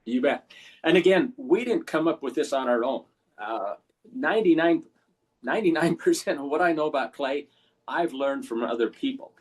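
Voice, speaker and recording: An older man with a somewhat higher voice and a husky edge. He tells long, folksy stories as a podcast guest. He acts out the people he talked with in them. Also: expressive, moderate pace. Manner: folksy anecdotal storyteller, acts out callers' lines. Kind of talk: storytelling in a podcast interview.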